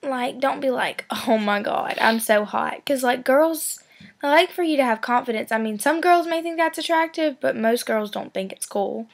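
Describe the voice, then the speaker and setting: A woman's voice: high-pitched, normal speed, vocal fry. A teenage girl chatting casually with a friend, giving dating advice in a giggly, filler-heavy way. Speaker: vlogger.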